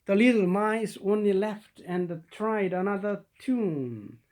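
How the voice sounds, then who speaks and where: A reader slowly reading a classic children's story aloud, with the odd small stumble and restart. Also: medium pitch, darkish tone.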